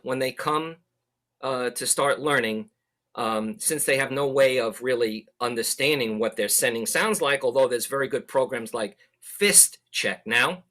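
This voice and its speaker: Bright-voiced man teaching Morse code. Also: a little high. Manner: lively, demonstrative, imitates pacing. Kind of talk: webinar presentation.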